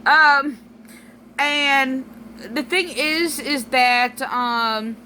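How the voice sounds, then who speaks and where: Woman, tearful, rambling vlog monologue, high sharp voice, faint hiss behind. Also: extremely slow, low-quality recording. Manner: rambling, many restarts and "like".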